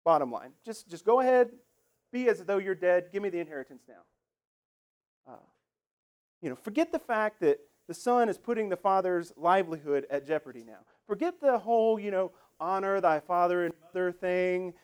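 High-voiced conversational preacher man. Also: expressive, normal speed, smooth. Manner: conversational, emphatic, acts out quoted lines. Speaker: pastor. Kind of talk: sermon.

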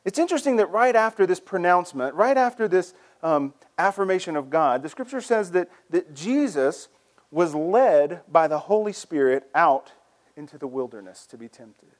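A man preaching a sermon as pastor, in a conversational, animated way, often repeating words as he starts a phrase. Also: high-pitched, moderate pace.

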